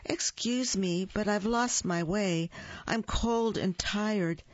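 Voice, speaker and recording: A woman's voice: medium pitch, slow, no echo, voice pushed up, natural voice. A woman voicing a lost, cold, tired little squirrel in a children's picture book, pleading politely. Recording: dull lo-fi dry recording.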